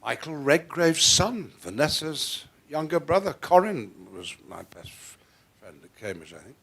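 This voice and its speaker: An older man from the northwest of England, speaking Received Pronunciation with faint northern traces, talking theatrically on a theatre stage and swinging between quiet and loud. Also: a little high, sing-song, unhurried, creaky, slightly rough. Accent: Received Pronunciation with faint northern English traces. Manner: theatrical, playful, with frequent restarts and sudden swings in loudness. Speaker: guest actor. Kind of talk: onstage interview conversation. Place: theatre stage before an audience.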